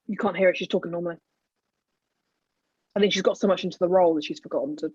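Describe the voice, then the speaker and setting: Female podcast guest, husky, chatty, on a dull lo-fi mic. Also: lowish voice, fairly even intonation, darkish tone, no echo. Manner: quick, chatty reactions. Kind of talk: casual commentary chat.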